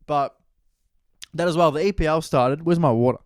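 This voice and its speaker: Crude, rambling Australian podcast host. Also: male voice, fairly high pitch, moderate pace, no room sound, studio quality. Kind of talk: casual solo podcast chat.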